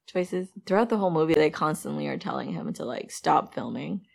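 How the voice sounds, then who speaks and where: A woman co-hosting a casual movie discussion, relaxed and wry, quoting characters in funny voices. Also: low voice, a little fast, gravelly. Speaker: podcast co-host.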